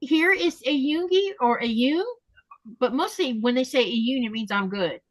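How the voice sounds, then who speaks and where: A woman hosting a casual podcast chat, talking easily and slowing down to spell out how words are said. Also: high-pitched, expressive, no echo. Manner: chatty, explains pronunciation slowly and repeats words. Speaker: podcast host.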